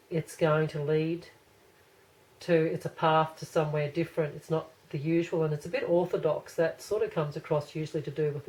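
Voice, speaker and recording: A woman's voice: deep voice, darkish tone, rough recording. A woman giving a casual pick-a-card tarot reading to camera, rambling and thinking aloud with many restarts.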